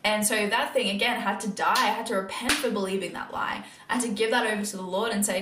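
A woman's voice: medium pitch, steady tone, quick pace, few pauses, reverberant, noisy background. A woman hosting a casual faith-based podcast monologue, earnest and encouraging, with lots of filler words. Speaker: podcast host.

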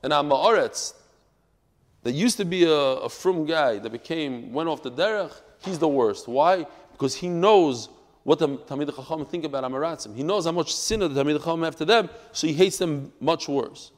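A man leads a Talmud class in a fairly high voice. He talks animatedly, dropping into quiet asides and then rising to loud, emphatic bursts. His voice carries a long reverb from the room. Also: normal speed. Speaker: Torah teacher.

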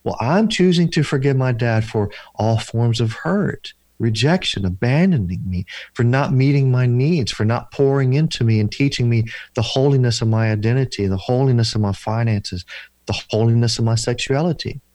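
A man's voice: mid-range voice, moderate pace, a little mellow, no echo. Man, deliverance minister, interview storytelling, earnest, repetitive preaching cadence, dry sound.

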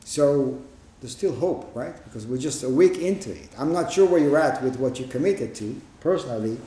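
A man giving a Zen dharma talk, plain-spoken and emphatic, with pauses and rhetorical questions, in a meditation hall. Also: mid-range voice, animated, dark tone. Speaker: Zen teacher.

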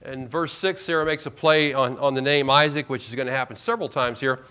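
A man preaching a sermon as pastor, emphatic, slowing right down to stress key words. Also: mid-range voice, fairly even intonation, pushed and bright, clear, resonant tone. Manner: emphatic, with slow drawn-out stresses.

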